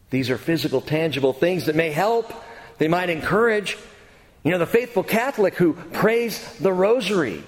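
A middle-aged man preaching a sermon as a pastor, in a conversational way with frequent restarts. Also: high voice. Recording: long hall reverb.

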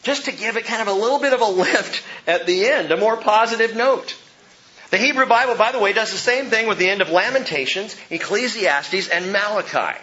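A male pastor preaching a verse-by-verse sermon with emphasis, his voice rising and falling between soft and loud. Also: high voice, a little fast, dull audio.

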